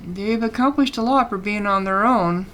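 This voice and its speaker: A woman's voice: medium pitch, moderate pace, a bit bright, slight background noise. A woman casually commenting on a game she is playing, chatty and reading the game text aloud between fillers. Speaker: let's play gamer.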